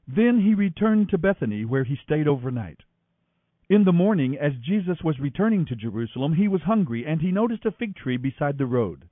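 A man reading scripture aloud in an expressive, animated way. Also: fairly high pitch, a little fast, dry recording. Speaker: scripture reader. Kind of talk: scripted narration. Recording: dry, thin phone-like audio.

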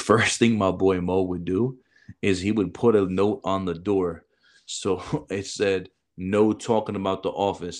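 Deep voiced dude just shooting the breeze, swears a ton, bro this bro that. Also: male voice, a little mellow. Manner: loose, profane, peppered with "bro" and "like". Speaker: podcast co-host, former military recruiter. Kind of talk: casual chat.

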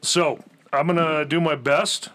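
Bright-voiced man reading emails aloud. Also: on the high side, steady tone, a little slow, slight background noise. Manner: crude, jokey, laughs while reading. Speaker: podcast co-host reading listener emails. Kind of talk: casual podcast banter.

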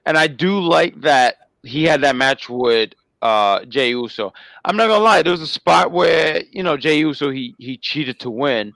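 Gravelly guy, pretty high voice, animated wrestling chat, keeps repeating himself. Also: moderate pace, dry recording, poor audio. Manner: animated, repeats words and stumbles into points. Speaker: co-host. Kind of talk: casual wrestling review chat.

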